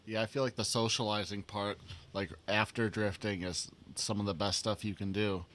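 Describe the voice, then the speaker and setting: A man chatting casually on a podcast in a relaxed way, laughing along often. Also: lowish voice, normal speed. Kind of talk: casual chat.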